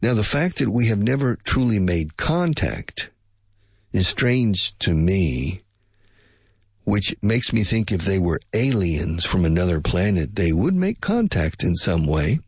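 A man's voice: low-pitched, big pitch swings, a little slow, breathy edge, no echo, clean studio sound. A man teaching English in a casual spoken lesson, musing and speculating aloud and drilling pronunciation by repetition.

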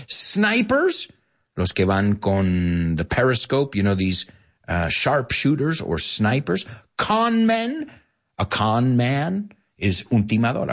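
A man in his forties, a podcast host teaching English, talking in an animated way and acting out quotes. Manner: animated, acts out quotes with big pitch jumps. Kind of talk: bilingual English lesson.

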